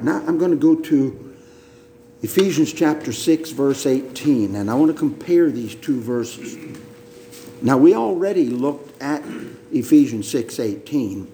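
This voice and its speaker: A male pastor preaching a sermon, emphatic and deliberate, often repeating words as he teaches. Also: on the high side, warm tone. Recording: roomy echo.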